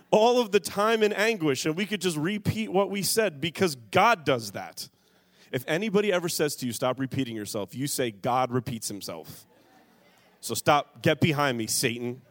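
A male pastor delivering a sermon, his voice sitting a little higher than most men's. He calls on the congregation to answer back and leans into the scripture readings with slow, weighty emphasis. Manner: preaching with call-and-response to the congregation; reads scripture slowly and emphatically.

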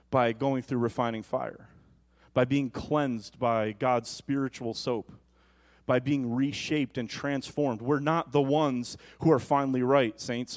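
A man preaching a sermon as pastor, rising to loud emphatic lines and slipping into joking asides. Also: medium pitch.

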